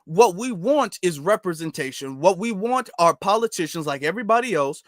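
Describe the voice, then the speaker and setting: A man's voice: sits high, lively intonation, a little fast, no room sound, clean studio sound. A man with a Southern US accent giving casual, repetitive commentary and often asking his audience whether he is right. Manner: repetitive, conversational, asks the audience for agreement. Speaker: commentary channel host.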